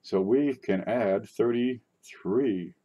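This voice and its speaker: A man hosting a coin collecting show in casual livestream chat from his desk, rambling and chatty with sudden excited outbursts. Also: on the low side, slow, lo-fi sound, slight background noise. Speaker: coin collecting channel host.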